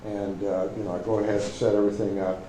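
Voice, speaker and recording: Low, dark-voiced man, hesitant club member, roomy with a faint hum. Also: flat delivery, quick pace. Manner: hesitant, many fillers and restarts. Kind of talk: casual chat. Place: club meeting room.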